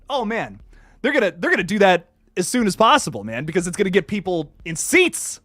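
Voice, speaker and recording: Lively, excitable man hosting a horror livestream. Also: sits high, fairly quick, dry recording. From Ohio, USA. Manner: excitable, casual and profane, frequent laughs. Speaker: YouTube horror channel host. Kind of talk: livestream chat, reading viewer comments.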